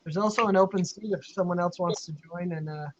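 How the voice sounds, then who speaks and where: A man's voice: sits high, a little fast, slight background noise, rough recording. A man hosting a casual live video chat, reading out viewer questions, talking chattily with frequent laughs and fillers. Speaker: live stream host. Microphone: video call.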